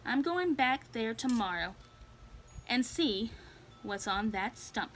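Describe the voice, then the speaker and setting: A woman's voice: on the high side, expressive, slow, a little hiss or hum. A woman voicing Harriet, a small, curious young female cat with wings, who talks in an eager, dreamy way.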